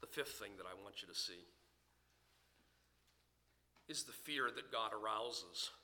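A man preaching a sermon in church as pastor, swinging between loud emphasis and hushed near-whispers. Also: lowish voice, animated, unhurried. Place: church sanctuary.

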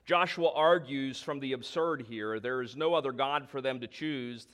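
A man's voice: mid-range voice, normal speed, a bit bright. A man preaching a sermon, emphatic, stretching key words for stress and dropping in conversational asides. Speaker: pastor.

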